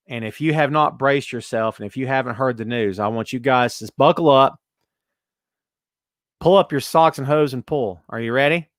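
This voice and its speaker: A man hosting a casual wrestling talk show, reading out viewer comments with sarcastic, animated commentary. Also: a little high, no echo, studio quality. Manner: sarcastic, animated, mocking put-on voices. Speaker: podcast host.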